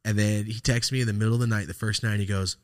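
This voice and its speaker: A man's voice: on the low side, steady tone, quick pace, no echo, studio quality. A man hosting a podcast, telling a rambling personal story in casual, profane talk and acting out the texts he quotes. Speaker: podcast host.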